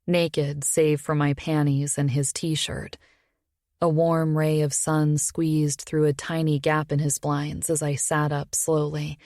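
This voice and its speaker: A woman narrating a first-person romance audiobook in an intimate, even storytelling manner. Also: deep voice, no room sound, studio quality.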